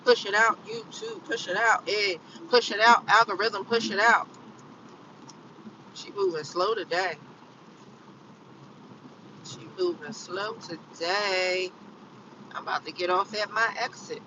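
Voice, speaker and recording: Driving to work, a weary woman in her fifties chats casually on a live stream from inside her car, yawning and repeating phrases again and again. Her medium-pitched voice is lively in intonation but a little slow, with long pauses, sounding muffled and far from the mic amid background noise.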